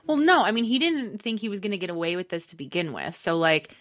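A woman's voice: mid-range voice, big pitch swings, fast. A woman co-hosting a casual podcast, reacting and thinking aloud with many fillers. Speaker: podcast co-host listening. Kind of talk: casual chat.

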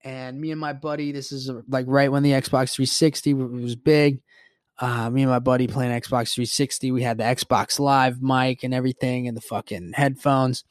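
A man's voice: medium pitch, normal speed, dry recording, studio quality. Profane, rambling young man host. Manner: profane, rambling, animated storyteller. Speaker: podcast host. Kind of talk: casual storytelling monologue.

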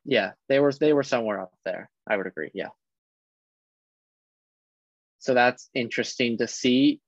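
A man co-hosting a casual sports podcast, running through league standings in a halting way with fillers. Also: mid-range voice, no echo. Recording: dull lo-fi dry sound.

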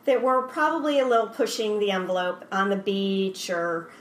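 A middle-aged woman, mother of the host, chatting in a lively, good-humored way on a podcast. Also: medium pitch, moderate pace, reverberant. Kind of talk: casual podcast chat.

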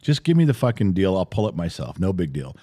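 A middle-aged man co-hosting a podcast, telling a story in casual chat, animated and swearing freely. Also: sits low, quick pace. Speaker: podcast co-host, father.

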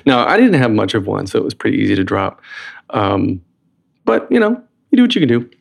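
A man's voice: on the low side, very animated, fairly quick, creaky. A man from North Carolina hosting an interview, asking friendly questions with frequent restarts. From North Carolina, USA. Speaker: podcast host. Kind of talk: casual interview chat.

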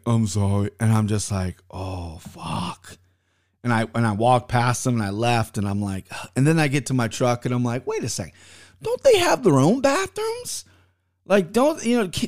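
A young man hosting a podcast, telling a story in casual, profane chat with sudden loud outbursts. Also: medium pitch. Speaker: podcast host.

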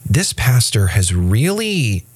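A man's voice: medium pitch, slow, breathy edge. A man co-hosting a casual faith podcast, talking loosely with restarts and acting out quoted voices. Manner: animated, acts out quoted voices; frequent restarts and fillers. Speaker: podcast co-host.

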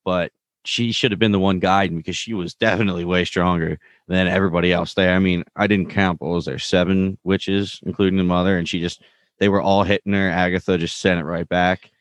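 Male co-host, low voice, dry close mic, lively scene recap. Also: brisk, dry recording. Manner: animated retelling, quotes lines in put-on voices. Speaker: podcast co-host recapping a show. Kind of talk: casual chat.

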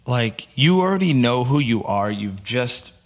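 An animated man from the United States talks as a podcast guest, telling his stories with energy and acting out what other people said. His voice sits at an ordinary middle pitch for a man. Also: measured pace. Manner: animated storyteller, acts out quotes. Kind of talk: casual storytelling interview.

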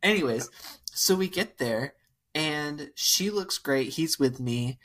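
Speaking slowly in a slightly high voice, a young man co-hosting a podcast recounts a wild dating story. He's animated, leans heavily on fillers, and acts out the quotes in the casual chat.

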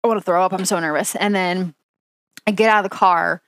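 A woman's voice: lowish voice, fairly even intonation, a little fast, a bit bright, smooth. Rambling young woman storyteller. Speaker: podcast co-host. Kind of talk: casual chat.

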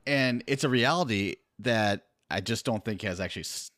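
A man's voice: fairly low pitch, normal speed, fairly bright tone, no room sound, studio quality. A man, an author guest on a podcast, talking in an easygoing, self-deprecating, rambling way. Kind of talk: casual podcast chat.

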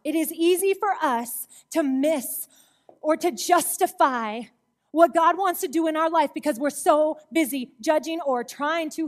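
Guest preacher: a high-pitched woman, chatty and expressive, who voices the people in her stories. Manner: conversational and expressive, acting out quoted people. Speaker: guest speaker. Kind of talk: sermon.

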